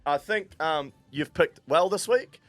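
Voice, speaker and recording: Kiwi bloke riffing on rugby, kinda high voice, dead dry sound, faint music behind. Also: male voice, unhurried, fairly bright tone, dry recording. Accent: New Zealand. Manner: joking, slangy banter. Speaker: podcast co-host. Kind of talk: casual sports chat.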